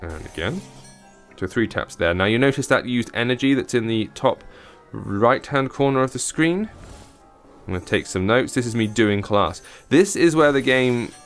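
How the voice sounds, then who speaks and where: A man's voice: medium pitch, animated, normal speed, soft background music. A man reviewing a mobile game, giving casual commentary with chatty, wry asides while he plays. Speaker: games reviewer.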